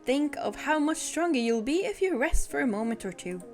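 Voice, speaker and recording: A woman voicing a gentle older male tea-shop keeper, reading game dialogue aloud in a polite, formal, soothing way. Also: high-pitched, lively intonation, moderate pace, faint music behind, voice pushed up. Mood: gentle persuasive.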